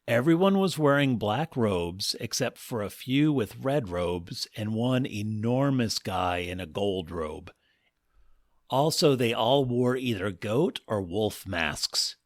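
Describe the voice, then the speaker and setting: A man telling a comic first-person story in a wry, deadpan manner. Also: on the low side, no echo, clean studio sound. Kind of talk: scripted comic narration.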